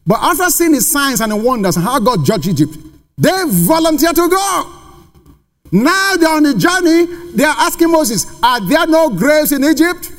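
A man's voice: very high voice, sing-song, moderate pace, fairly bright tone. A man preaching a sermon to a congregation in a church, emphatic and full of rhetorical questions. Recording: long reverb of a large hall.

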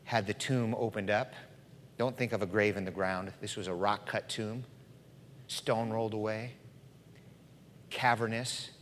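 Dramatic preacher in a reverberant hall. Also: male voice, on the low side, fairly even intonation, a little slow, pauses often. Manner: dramatic, swings from loud to hushed. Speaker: pastor. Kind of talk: sermon. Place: church.

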